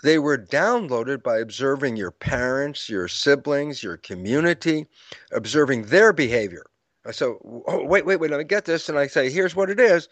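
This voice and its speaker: A man's voice: medium pitch, animated, moderate pace, a bit bright, no echo. A man as an interview guest, explaining ideas like a lecturer, acting out quoted dialogue and chuckling at his own points. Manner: storytelling lecturer who acts out quoted dialogue. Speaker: guest author.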